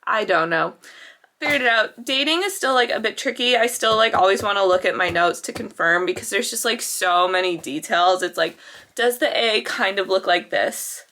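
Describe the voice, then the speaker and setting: A woman's voice: medium pitch, normal speed, pushed and bright. A young woman student chatting casually to camera in a vlog, rambling with lots of fillers. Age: young adult. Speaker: student vlogger.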